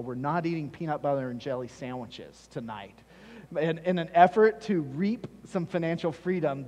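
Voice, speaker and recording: In a church sanctuary, a pastor delivers a sermon, emphatic and repeating key phrases for stress. His voice is fairly high with a darkish tone, and the church hall gives the recording a long reverb.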